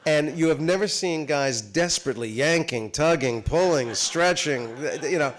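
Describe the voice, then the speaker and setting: A man's voice: a little high, lively intonation, normal speed, slight background noise. A man in his fifties, a guest actor on stage at a live talk, telling comic anecdotes full of fillers and restarts. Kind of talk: storytelling on stage. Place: theater stage before a live audience.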